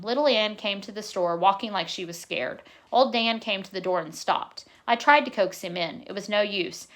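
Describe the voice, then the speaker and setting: A woman narrating a novel in a plain, steady reading voice, now and then correcting her own slips. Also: medium pitch.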